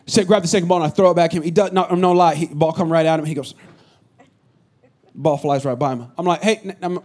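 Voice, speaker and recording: High-voiced, animated middle-aged pastor. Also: male voice, fast. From San Francisco Bay Area. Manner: animated, joking with the congregation. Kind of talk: sermon. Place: church hall with a congregation.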